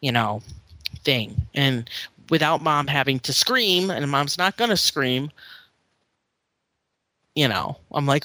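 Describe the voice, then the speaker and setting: This podcast host, a mother in her thirties whose children are in therapy, has a fairly low, bright, forceful voice and speaks in a very animated yet unhurried way. She laughs a lot while telling casual stories about her kids, and the recording is dry.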